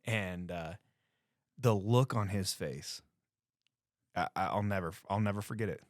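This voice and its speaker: Telling a story as a guest, this man from Colorado speaks a little slowly in a deep, low voice. He's casual and animated, acting out quotes, and the sound is dry and close with little reverb.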